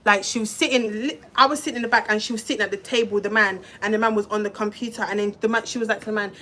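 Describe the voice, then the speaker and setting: A young woman tells a casual storytime, rambling through fillers and the odd swear word. Her voice sits at an everyday middle pitch, and a faint hum of room ambience lies under it. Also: steady tone, very fast, a bit bright. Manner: chatty, swears, lots of fillers and restarts. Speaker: vlogger telling a story.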